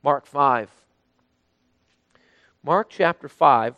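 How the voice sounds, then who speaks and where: A man preaching a sermon, emphatic, rising to loud bursts when he quotes. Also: medium pitch, animated, very slow, no room sound, big-room sound, dull audio. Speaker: pastor.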